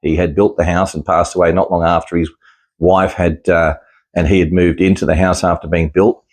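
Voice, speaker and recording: Deep-voiced man, rambling. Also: little pitch movement, normal speed, darkish tone. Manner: rambling, with frequent restarts and easy chuckles. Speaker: psychic medium sharing experiences. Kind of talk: casual talk to camera.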